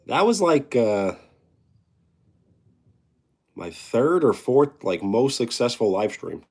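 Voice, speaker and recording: New York-accented streamer, male, unhurried delivery, rough-edged voice. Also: medium pitch, sing-song, a little mellow. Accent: New York (Brooklyn / Long Island). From New York, USA. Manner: slow, unhurried, answers chat questions with dry humor. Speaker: live streamer. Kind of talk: casual live-stream chat, reading comments. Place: at home.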